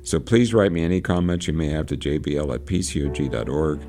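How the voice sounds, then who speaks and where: A man hosting a radio program on literature, reading passages from a novel aloud and discussing them, talking in a halting way with many fillers and restarts. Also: extremely low pitch, dark tone, soft background music.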